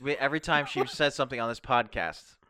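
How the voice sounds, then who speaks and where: A woman's voice: rumbling low, fast talker, fairly bright tone, clear, resonant tone. A woman on a podcast who teases the others and explains things casually. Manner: teasing, explaining. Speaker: podcast co-host. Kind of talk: casual chat.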